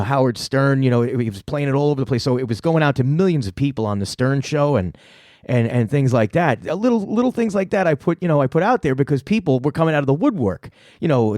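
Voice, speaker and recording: A middle-aged man tells a story casually and at length, swearing freely and leaning on fillers. His voice sits at an ordinary middle pitch. The sound is dry and close. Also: darkish tone, no room sound. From New York City. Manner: rambling, profane, lots of fillers. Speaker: comedy show host telling a story.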